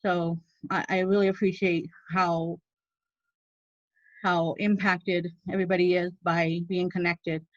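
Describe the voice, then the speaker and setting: A woman's voice: fairly low pitch, little pitch movement, unhurried, dry recording. Earnest woman hosting an online meeting. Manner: emotional, earnest. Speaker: meeting host. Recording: dull dry lo-fi audio.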